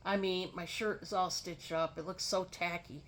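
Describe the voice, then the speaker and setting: A woman voicing an embarrassed young woman, fretful, hushed and hurried. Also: on the low side, steady tone, pitched below the performer's own voice, lightly acted.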